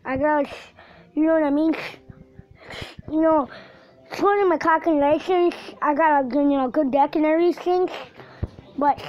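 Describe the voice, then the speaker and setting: A woman's voice: high-pitched, fairly even intonation, normal speed, pauses often. A woman hosting her own gaming channel, giving rambling, filler-heavy, crude, joking let's-play commentary. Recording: dull lo-fi recording with faint music.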